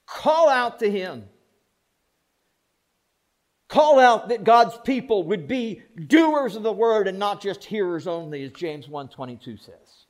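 A man's voice: sits high, expressive, slow, darkish tone. A man preaching a sermon as pastor, folksy and plain-spoken. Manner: folksy, plain-spoken, mock voices for effect.

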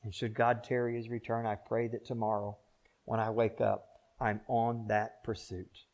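An older man preaches from the pulpit in a lowish voice. He swings between loud, emphatic declarations and quiet, pleading asides, stretching words out with long pauses. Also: level tone, dull audio. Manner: preaching with swings from loud emphatic peaks to soft low pleas, slow drawn-out pauses. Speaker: pastor. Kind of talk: sermon.

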